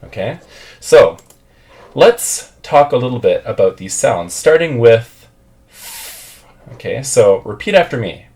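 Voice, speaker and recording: A man's voice: medium pitch, animated, unhurried, darkish tone. A man teaching English pronunciation, patiently drilling words and having learners repeat after him.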